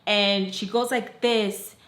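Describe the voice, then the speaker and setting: Woman, storytime vlogger, bright voice, rambling and emotional, echoey room. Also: mid-range voice, fairly even intonation, takes it slowly. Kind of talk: storytime vlog.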